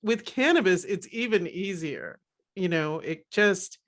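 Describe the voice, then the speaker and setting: A woman's voice: lowish voice, lively intonation, measured pace. A woman co-hosting a talk show, chatting casually, laughing easily, using many fillers and agreeing often. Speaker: co-host. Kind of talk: casual chat.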